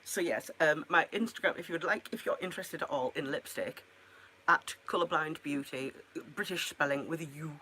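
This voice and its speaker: A woman's voice: low voice, moderate pace, sharp tone, a little hiss or hum. A woman chatting casually to the camera at home, rambling and making self-mocking asides about her pets. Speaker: pet keeper vlogger.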